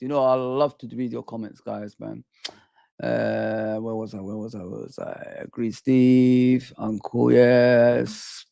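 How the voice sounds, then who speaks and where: A man hosting a football fan live stream, chatting casually with his viewers and reading out their comments, slangy and repetitive, with frequent shout-outs. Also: medium pitch, vocal fry, no room sound, studio quality. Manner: repeats phrases and restarts often. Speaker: football fan channel host.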